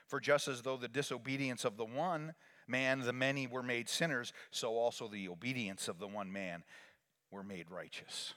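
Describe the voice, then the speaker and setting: Pastor guy preaching, goes quiet then loud, long reverb like a big church. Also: medium pitch, moderate pace. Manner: dynamic, swings from hushed to shouting calls. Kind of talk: sermon. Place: church sanctuary. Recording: long reverb of a large hall.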